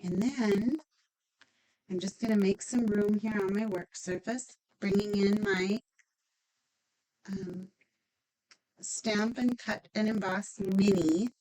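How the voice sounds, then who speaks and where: A woman's voice: medium pitch, fairly even intonation, takes it slowly, long pauses, mellow, poor audio. A woman demonstrating a stamping craft project, chatty and upbeat, thinking aloud as she works.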